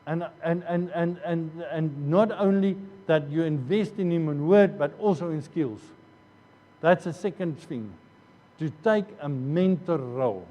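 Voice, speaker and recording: A man's voice: on the high side, unhurried, dark tone, dull audio. A man preaching a sermon as pastor, earnest, often repeating phrases and restarting. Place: church hall. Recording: long church hall reverb.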